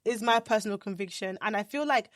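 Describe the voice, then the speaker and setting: A woman's voice: mid-range voice, fast, no echo, studio quality. A woman with a Nigerian accent co-hosting a casual podcast chat, blunt and often repeating words as she starts a thought. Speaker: podcast co-host.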